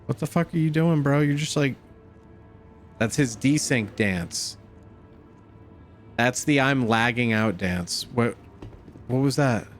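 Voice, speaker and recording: A man's voice: mid-range voice, slow, long pauses. A young man streaming a space game, giving casual commentary full of cursing, jokes and laughter. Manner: profane, joking, laughs often, calls everyone dude. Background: game music.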